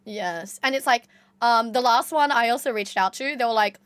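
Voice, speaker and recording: A young woman chatting casually with her live-stream chat, excitable, jumping between squeals and low mutters. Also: fairly quick, no echo. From Australia.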